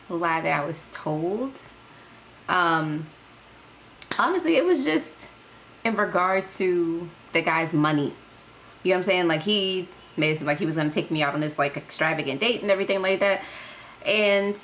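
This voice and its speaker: A woman in her late twenties co-hosting a casual podcast chat, telling stories in a relaxed, chuckling way. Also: fairly low pitch, a little hiss or hum. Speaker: podcast co-host.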